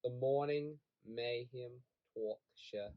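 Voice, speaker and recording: A man's voice: mid-range voice, slow pace, dull audio. Young male co-host, jokey and playful, casual banter with friends. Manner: goofy, jokey, laughs often. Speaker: podcast co-host. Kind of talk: casual chat among friends.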